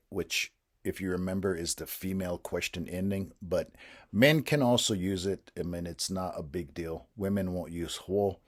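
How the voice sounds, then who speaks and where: Low-voiced man explaining a language lesson. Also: darkish tone. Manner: patient, measured, explanatory. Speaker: language teacher trainer. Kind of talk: instructional explanation.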